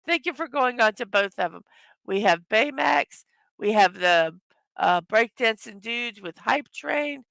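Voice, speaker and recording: A tired, hoarse woman hosting a casual morning livestream, greeting her chat viewers one by one. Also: fairly high pitch, animated, unhurried, fairly bright tone, no room sound. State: tired from little sleep. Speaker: livestream host.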